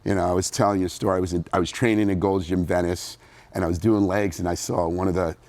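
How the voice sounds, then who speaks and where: A man's voice: low-pitched, fast talker, dry recording. A middle-aged man from New Jersey, a former pro bodybuilder, telling his story in a casual interview and acting out what people said. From New Jersey, USA. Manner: animated storyteller, acts out quotes.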